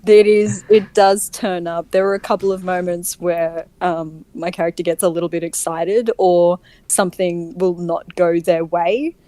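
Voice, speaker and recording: Chatty Australian woman, low, dry sound. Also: little pitch movement, a little slow, hardly any pauses, warm tone, no room sound. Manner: chatty, laughs often, many fillers. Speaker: voice actor. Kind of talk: casual group chat.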